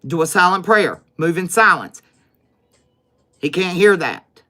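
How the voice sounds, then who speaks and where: A woman with a drawl speaks in an emphatic, preacher-like livestream style, repeating her points for weight. Her tone is bright and forward. Soft music plays faintly behind her. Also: fairly low pitch, lively intonation, unhurried. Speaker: livestream tarot reader. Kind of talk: spiritual livestream sign-off.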